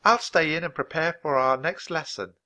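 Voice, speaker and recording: A man's voice: on the high side, normal speed, pitched above the performer's own voice. A man voicing a kindly, polite frontier schoolteacher woman in a children's storybook reading. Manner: gentle, polite, encouraging.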